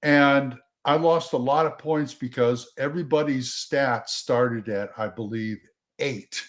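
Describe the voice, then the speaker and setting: A man co-hosts a laid-back gaming podcast, chatting away and reading out questions from viewers. His voice sits at an ordinary, middling pitch. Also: unhurried. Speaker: podcast co-host. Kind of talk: casual gaming chat.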